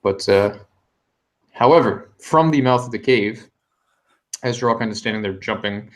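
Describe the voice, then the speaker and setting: A man running a tabletop game as game master, describing scenes with many pauses and fillers. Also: fairly low pitch. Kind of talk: narrating a tabletop game online.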